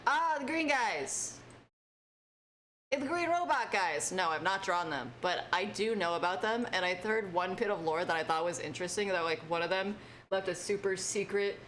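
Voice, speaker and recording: A woman's voice: mid-range voice, normal speed, fairly bright tone, slight background noise. A young adult woman streaming as an illustrator, chatting casually with viewers in a playful, giggly way. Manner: playful and giggly, slipping into silly voices.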